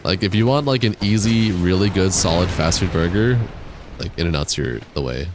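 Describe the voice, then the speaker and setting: A man's voice: low-pitched, lively intonation, normal speed. A young man with the hiccups, chatting casually and slangily with his viewers while he plays a game. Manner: slangy, reads viewer chat aloud and answers it. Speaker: game streamer. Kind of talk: casual live-stream chat while gaming. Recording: game sounds and explosions behind voice. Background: loud game noise, artillery fire.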